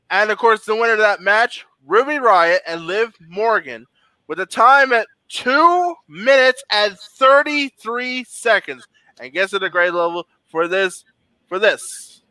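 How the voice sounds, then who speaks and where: High, bright-voiced man hosting a podcast. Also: expressive, a little slow, dry recording, low-quality recording. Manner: stumbling, repeats words while recapping. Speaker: podcast host. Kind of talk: casual wrestling recap chat.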